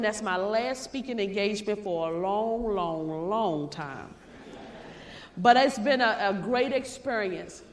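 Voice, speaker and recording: A woman giving an emphatic, preacher-like motivational speech at a sales convention, repeating her lines and sometimes shouting them. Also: fairly high pitch. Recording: reverberant hall.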